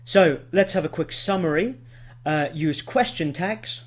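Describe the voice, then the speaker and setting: A man with an English accent teaching an online English lesson, clearly explaining and modelling example sentences. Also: fairly high pitch, measured pace. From England.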